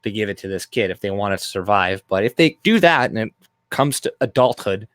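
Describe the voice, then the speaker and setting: A man's voice: fairly low pitch, expressive, fairly quick, fairly bright tone, no echo. A man hosting a live stream, rambling loosely through chat messages with crude, off-color jokes. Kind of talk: casual live-stream commentary.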